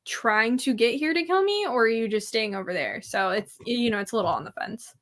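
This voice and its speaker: A woman's voice: a little high, lively intonation, a little fast, a bit bright. A young woman from California, a guest in a casual chat who exaggerates everything for comic effect. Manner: dramatic, playfully exaggerated.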